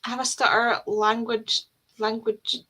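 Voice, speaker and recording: Bright-voiced Scottish woman hosting a chat. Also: on the high side, flat delivery. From Scotland. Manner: chatty and self-deprecating, quick laughs. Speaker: host of a reading sprint livestream. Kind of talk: casual chat.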